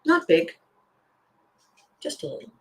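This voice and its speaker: A podcast host and life coach gives a motivational monologue on her own show, taking it slowly over poor audio. She tells stories animatedly, acting out the voices of people she quotes and chuckling here and there.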